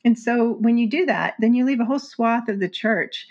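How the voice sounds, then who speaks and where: A woman speaking as an author and guest in a conversational interview, earnest and animated, laughing often. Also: on the high side, normal speed. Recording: slightly dull lo-fi audio.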